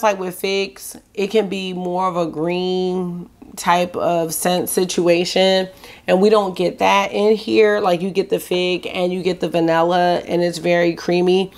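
A woman vlogger giving a casual, enthusiastic fragrance review, chatting and listing scent notes. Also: lowish voice. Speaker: beauty vlogger.

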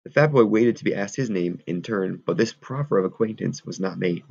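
Gravelly low-voiced man reading a novel. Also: brisk, darkish tone, no room sound. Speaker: audiobook reader. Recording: dull lo-fi recording.

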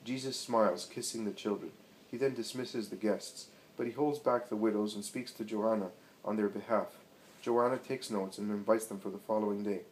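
A man narrating a religious story in a measured, dramatic reading. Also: fairly low pitch, steady tone, darkish tone, a little hiss or hum, rough recording.

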